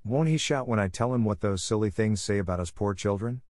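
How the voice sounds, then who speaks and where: A man's voice: on the low side, fairly quick, darkish tone, dry recording, clean studio sound, natural voice. A man doing an indignant tomboy girl. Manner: blunt, indignant. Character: lively outspoken teenage tomboy sister.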